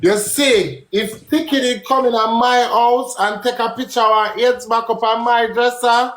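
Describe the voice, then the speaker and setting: A man's voice: very high voice, steady tone, a little slow, a bit bright, echoey room, faint music behind. A man with a Jamaican accent hosting a live stream, talking in a brash, profane, emphatic way. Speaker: livestream host. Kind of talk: heated live-stream talk.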